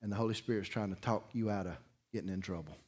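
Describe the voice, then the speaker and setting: A middle-aged man, preaching a sermon through a folksy personal story, swinging between loud bursts and quiet emphasis. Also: on the low side, quick pace, husky. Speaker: pastor.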